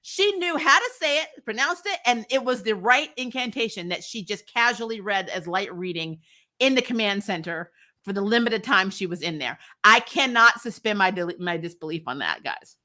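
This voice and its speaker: A woman's voice: mid-range voice, lively intonation, normal speed, pushed and bright. A woman giving a casual, snarky recap of a TV episode, acting out the characters' lines and laughing as she goes. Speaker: TV episode reviewer.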